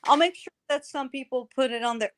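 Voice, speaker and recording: A woman's voice: high-pitched, fairly quick, fairly bright tone, dry recording. A woman joining a livestream as a panel guest, chatting casually and laughing easily.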